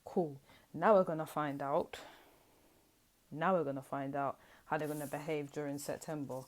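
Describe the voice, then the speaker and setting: A woman's voice: low-pitched, steady tone, moderate pace, slight background noise. A young woman giving a tarot reading in a chatty, slangy, rambling way. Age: young adult. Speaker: tarot reader. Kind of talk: casual tarot reading to camera.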